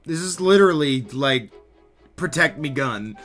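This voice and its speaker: A man's voice: medium pitch, measured pace, fairly bright tone, soft background music. Man doing joking game commentary. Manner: joking, laughing asides. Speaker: gaming streamer. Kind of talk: casual let's play commentary.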